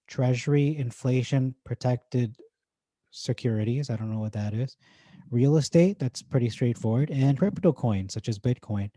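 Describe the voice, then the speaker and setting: A man's voice: medium pitch, dark tone, dry recording, studio quality. A man with an Irish accent giving casual commentary as he reads through forum posts, chatty and loose with jokey asides and fillers. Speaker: stock market YouTuber.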